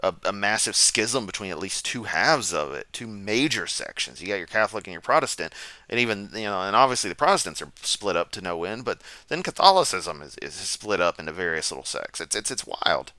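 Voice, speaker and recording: A man's voice: low-pitched, very animated, fairly quick, sharp tone, dry recording. A man giving sarcastic, rambling reaction commentary from a chair at home. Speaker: commentary streamer. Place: home room, seated.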